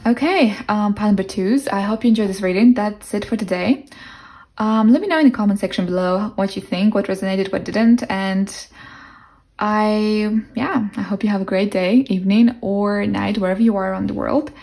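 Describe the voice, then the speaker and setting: A woman's voice: medium pitch, normal speed, darkish tone. A young woman with a non-native English accent giving a casual pick-a-card tarot reading, musing aloud with fillers and restarts. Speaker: tarot reader.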